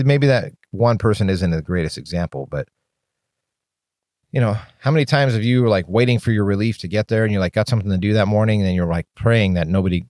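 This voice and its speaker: A firefighter hosts his own podcast in a candid solo monologue, speaking bluntly with casual swearing and rambling restarts. His voice is lowish and darkish in tone, captured in a dry, clean studio recording.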